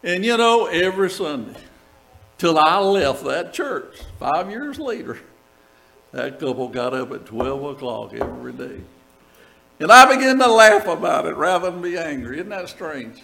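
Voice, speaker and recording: A man's voice: high voice, big pitch swings, normal speed, gravelly, bright, forceful tone, poor audio. Older man preaching a sermon. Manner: storytelling, reads scripture aloud with asides to the congregation. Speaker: pastor.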